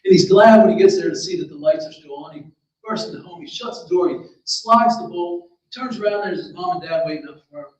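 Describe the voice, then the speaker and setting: A man's voice: sits high, expressive, fast talker, darkish tone. A man telling a folksy story aloud at a library event, with chatty asides to his listeners. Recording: very echoey room, distant mic.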